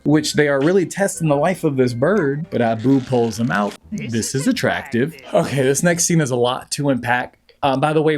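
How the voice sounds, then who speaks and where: A young man giving a sarcastic, jokey recap of an animated movie as a reviewer, now and then mimicking the characters. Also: mid-range voice.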